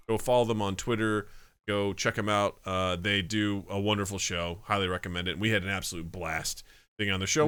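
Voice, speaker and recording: Bright, clear-voiced male podcast host. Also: fairly low pitch. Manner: upbeat, plugging shows and socials. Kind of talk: casual podcast chat.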